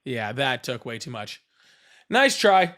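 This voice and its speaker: Slow and sing-song, this man's mid-range voice has a fairly bright tone. On his live call-in debate stream, he rants in a casual, sarcastic, mocking way, cursing without restraint.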